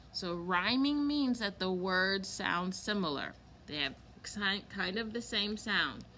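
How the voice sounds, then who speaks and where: A young woman teaches a recorded kindergarten lesson, drawing her words out slowly for little listeners. Her voice is bright and forward, and a faint background noise sits under it. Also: mid-range voice. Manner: slow, clear and encouraging, stretching words for small children.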